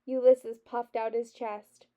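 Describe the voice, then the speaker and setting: A woman teacher reading a children's novel aloud with expressive storybook delivery, on a dull lo-fi recording. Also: a little high, slow pace.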